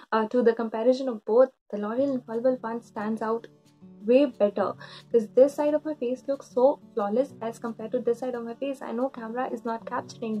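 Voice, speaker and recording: A woman's voice: on the high side, mellow. A woman in a makeup review vlog, explaining her results in an earnest way with small restarts. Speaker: beauty vlogger.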